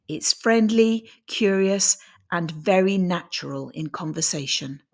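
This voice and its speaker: A woman giving a scripted English pronunciation lesson, deliberately demonstrating how her voice rises and falls. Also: fairly low pitch, expressive, vocal fry.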